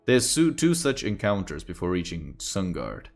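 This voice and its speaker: A man's voice: deep voice, sing-song, moderate pace, soft background music. A man reading a fantasy book aloud on a stream, breaking off now and then for offhand, joking asides. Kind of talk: casual reading with commentary.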